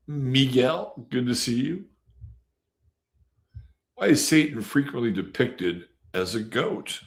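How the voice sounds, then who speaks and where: Slow gravelly man greeting his live chat. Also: mid-range voice, animated. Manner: rambling and chatty, with many fillers and sudden jumps in loudness. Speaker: astrology show host. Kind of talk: casual live-stream chat, greeting viewers.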